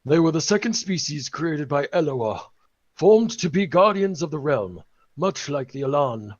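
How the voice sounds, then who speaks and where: A man performs a solemn old keeper of lore who speaks in a grave, declamatory tone. The voice sits a little high. The recording is dull and lo-fi. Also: expressive, measured pace. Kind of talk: reading lore excerpt in character.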